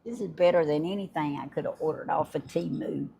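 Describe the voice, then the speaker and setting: An older woman, hosting a casual livestream and chatting warmly and effusively with her viewers, laughing often. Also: low-pitched, a little fast, gravelly, husky. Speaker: livestream host. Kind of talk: casual live chat unboxing gifts.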